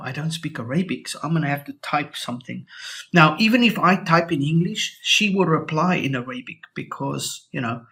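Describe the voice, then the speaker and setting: Husky-voiced man demoing software. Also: on the high side. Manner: casual, thinking aloud with fillers. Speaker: tech channel host. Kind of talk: software demo walkthrough.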